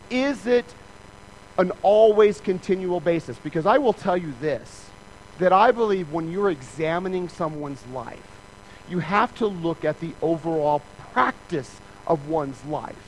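A man's voice: high voice, a little hiss or hum, poor audio. A man preaching a sermon in a church, talking in a conversational, joking way and acting out other people's lines. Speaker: pastor.

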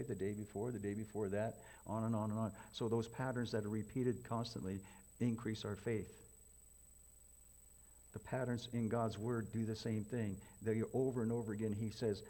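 A man preaching a folksy sermon, swinging from loud emphatic questions to hushed, near-whispered lines. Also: lowish voice. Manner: folksy, repetitive, addresses congregation as folks.

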